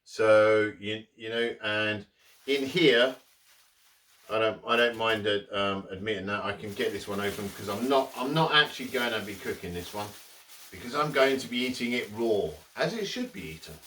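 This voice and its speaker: A man's voice: fairly low pitch, moderate pace, pushed and bright, far from the mic, a little hiss or hum. A man hosting his own cooking channel, talking to camera in a chatty, rambling way with jokey asides. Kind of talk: casual cooking vlog.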